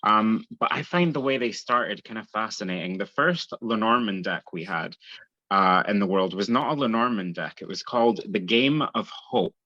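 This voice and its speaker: Bright-voiced Scottish man, dry lo-fi sound. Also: fairly low pitch, moderate pace, no room sound. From Scotland. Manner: easygoing, chatty, laughs lightly. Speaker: guest. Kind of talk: casual interview chat.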